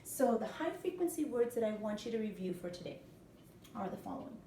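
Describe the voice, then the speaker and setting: A woman's voice: fairly high pitch, lively intonation, brisk, dark tone, a little hiss or hum. A woman teacher giving a morning lesson to young children, patient and spelling words out letter by letter. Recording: echoey room, mic at a distance.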